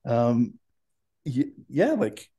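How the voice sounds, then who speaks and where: A man appearing as a podcast guest, talking casually in a relaxed, halting way and laughing easily. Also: mid-range voice.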